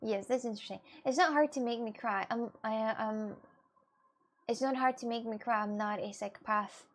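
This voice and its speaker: Giggly woman streamer with vocal fry. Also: a little high, moderate pace. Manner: chatty and giggly, rambling with restarts. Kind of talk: casual livestream chat with viewers.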